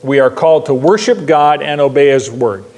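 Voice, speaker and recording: Man preaching in a church, emphatic and repetitive, fairly high voice, long hall echo. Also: expressive, moderate pace, darkish tone. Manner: emphatic, repeats key lines for stress. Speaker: pastor. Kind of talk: sermon.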